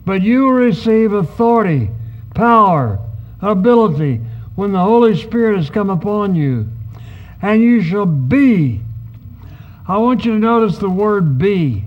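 A man preaching a sermon as pastor, teaching in a measured, emphatic way and acting out short quoted asides. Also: sits high, animated, muffled recording.

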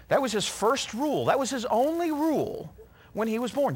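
A man's voice: extremely high pitch, moderate pace, breathy edge. A middle-aged man preaching a sermon, telling personal stories in an earnest way and acting out what people said. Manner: earnest, animated storyteller who acts out quotes.

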